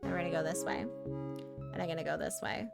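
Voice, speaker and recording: A woman streaming a retro adventure game, chatting casually and playfully with her viewers and breaking into loud bursts of frustration. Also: deep voice, fairly even intonation, quick pace, vocal fry, music in the background. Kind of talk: casual live-stream commentary.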